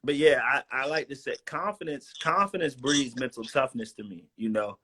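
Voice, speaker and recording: A man's voice: mid-range voice, moderate pace, husky. A young man in his twenties, a guest on a video call, telling stories in casual slang and acting out what people said. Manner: animated storyteller, slangy, acts out quotes. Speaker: guest, former college football player. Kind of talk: casual storytelling interview.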